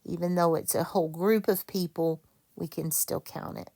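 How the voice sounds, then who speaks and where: A woman teacher leading a reading lesson for children, patient and quick to correct herself. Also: lowish voice, fairly even intonation, gravelly, mellow. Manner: slow, patient, self-correcting.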